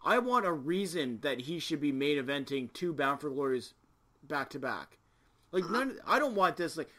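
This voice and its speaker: A man's voice: on the high side, big pitch swings, moderate pace, sharp tone. A man from Canada hosting a casual wrestling podcast, ranting with exasperation and frequent swearing. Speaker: podcast host. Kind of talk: casual chat.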